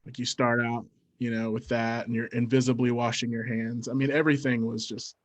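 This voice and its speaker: A man's voice: medium pitch, little pitch movement, a little fast. A man co-hosting a podcast in casual chat, eager and quoting his own reactions. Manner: enthusiastic, quotes himself.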